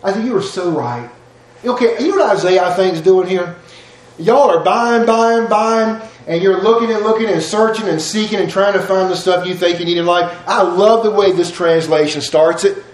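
A man's voice: high voice, moderate pace, roomy sound, low-quality recording. A man preaching a sermon in a folksy, digressive way, telling everyday stories between Bible verses. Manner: folksy, digressive storytelling with y'all and ain't. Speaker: pastor.

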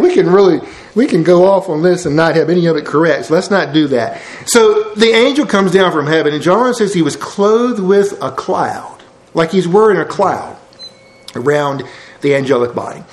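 A preacher with a notably high voice reads scripture aloud and breaks in with homespun explanations. His delivery is casual and conversational, drifting now and then from the mic. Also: rough recording. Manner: folksy, explains verses line by line with asides. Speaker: preacher teaching a Bible study. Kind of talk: sermon.

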